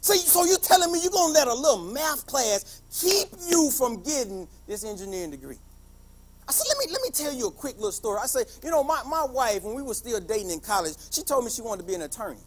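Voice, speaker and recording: A man, a teacher, giving a passionate motivational speech, telling stories and building to emphatic shouts. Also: very high-pitched, very animated, fast, husky.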